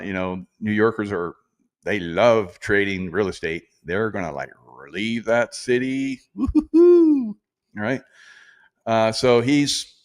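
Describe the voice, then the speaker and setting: A man in his sixties with a fairly low voice hosts a loose livestream. He rambles from point to point, laughs often and slips into mocking impressions. He stops now and then to read viewer comments aloud. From South Carolina. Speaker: livestream host. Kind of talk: casual political commentary, reading chat comments.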